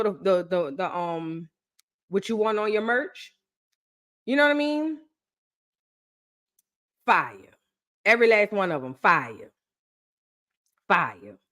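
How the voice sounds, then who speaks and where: A young woman chatting excitedly with her viewers on a live stream, repeating phrases for emphasis. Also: mid-range voice. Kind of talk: casual live-stream chat.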